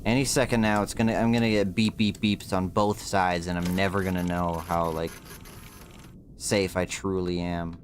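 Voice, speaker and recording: Low-voiced young man thinking aloud while gaming. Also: flat delivery, moderate pace, slight background noise. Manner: slangy, thinking aloud, swearing casually. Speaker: streamer. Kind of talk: casual gameplay commentary.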